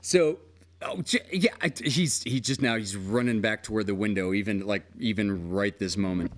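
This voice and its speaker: A man hosting a casual live music stream, rambling through an animated story with restarts and casual swearing, talking from home. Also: on the low side, normal speed. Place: home, with balcony and fire pit.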